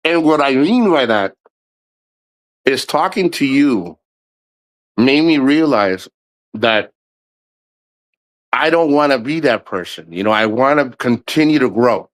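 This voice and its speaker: A man's voice: medium pitch, lively intonation, slow, pauses often, poor audio. A middle-aged man hosting a livestream, talking candidly and at length in a rambling way, swearing often. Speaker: livestream host. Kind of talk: casual livestream monologue.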